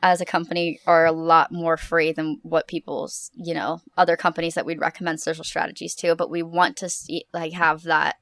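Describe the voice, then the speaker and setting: A young woman co-hosts a podcast in easygoing chat, explaining things with lots of fillers. Her voice sits fairly low, with a fry-laden texture. The sound is dry and close to the mic. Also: flat delivery, fairly bright tone, dry recording. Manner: chatty, quick explanations with casual fillers. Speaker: podcast co-host.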